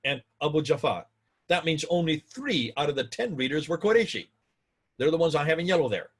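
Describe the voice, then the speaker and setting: A man delivering a lecture in a husky voice that swings widely up and down in pitch. He hammers his points home by repeating them, talks straight to his audience and builds to excited highs. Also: fairly quick. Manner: emphatic, repeats points, rising to excited peaks; addresses viewers directly.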